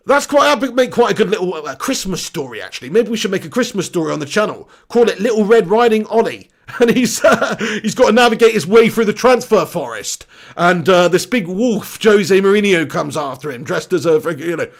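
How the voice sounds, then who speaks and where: Chatty male live-stream host, gravelly. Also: sits high, very animated, a little fast. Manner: chatty, laughs often, reads out viewer comments. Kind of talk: casual live-stream chat.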